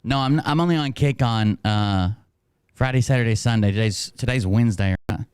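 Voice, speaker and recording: A man's voice: mid-range voice, fairly quick, darkish tone, smooth, no echo, studio quality. A man hosting a casual livestream, rambling and self-mocking, laughing often. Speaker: streamer host.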